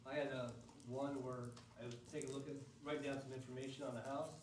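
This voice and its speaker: A man's voice: mid-range voice, little pitch movement, quick pace. Far-off man telling a casual story. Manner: casual anecdote, laughing. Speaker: student in the training. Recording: echoey room, far from mic, faint noise.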